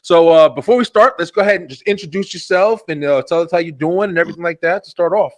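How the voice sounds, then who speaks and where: A man with a New Jersey accent hosting a web show over a video call, talking fast and excitably with lots of slang and fillers. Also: fairly high pitch, no echo. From Elizabeth, New Jersey. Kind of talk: casual interview chat.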